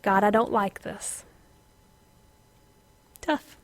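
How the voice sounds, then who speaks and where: A middle-aged woman teaching an informal Bible lesson, animated, laughing often and dropping to a whisper for emphasis. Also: mid-range voice, takes it slowly, pauses often, dry recording, clean studio sound.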